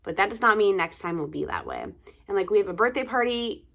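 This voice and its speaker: Tired young mom vlogging, rambly chatty talk, lots of um and like and sighing. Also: female voice, mid-range voice, wildly swooping pitch, fairly quick, a bit bright. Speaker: vlogger, mother of two. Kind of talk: casual chat to camera.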